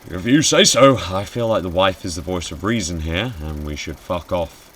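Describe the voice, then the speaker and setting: A man with a very low, deep voice gives loose, sarcastic commentary while playing a game. He swears freely and jumps at anything spooky. A faint hiss sits under his voice. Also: normal speed, a bit bright. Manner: sweary, sarcastic, easily startled. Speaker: game streamer. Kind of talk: casual gameplay commentary.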